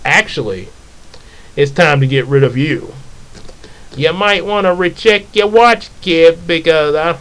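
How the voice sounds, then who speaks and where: A man's voice: on the high side, lively intonation, measured pace, a bit bright, poor audio. A man voicing a gloating male supervillain who mocks the heroes in a sing-song teasing way. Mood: menacing.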